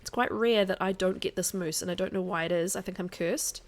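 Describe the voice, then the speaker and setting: A woman with a lowish voice talks fairly quickly as she plays a video game on stream, casually responding to viewer comments and laughing a lot.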